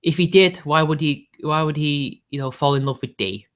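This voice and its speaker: A man's voice: on the high side, normal speed, a bit bright. A man hosting a casual livestream, talking off the cuff in a rambling, hedging way with frequent chuckles. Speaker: livestream host.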